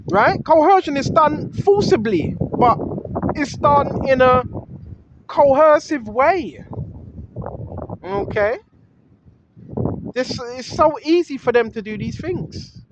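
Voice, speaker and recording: High-voiced, slow, preachy vlogger. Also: dull audio, noisy background. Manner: repetitive, preachy, keeps asking "right?". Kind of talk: walking street monologue with scripture quotes. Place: outdoors on a cold street.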